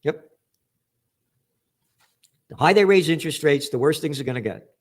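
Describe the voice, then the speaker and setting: Brief: middle-aged male commentator, sharp and angry, cursing, higher-pitched, bursts of shouting. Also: expressive, moderate pace. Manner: profane, angry, shouts for emphasis. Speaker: trends commentator. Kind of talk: ranting news commentary.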